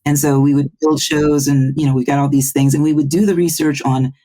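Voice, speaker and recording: A woman's voice: deep voice, fairly even intonation, a little fast, dark tone. A woman who is a guest audiobook narrator, talking in a roundtable conversation. She stammers and restarts phrases as she builds her point.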